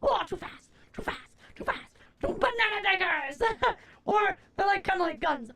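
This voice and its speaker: A woman streamer chatting casually, answering chat aloud, groaning, swearing and expressive. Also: very high-pitched, normal speed, vocal fry, a little hiss or hum. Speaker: livestreamer.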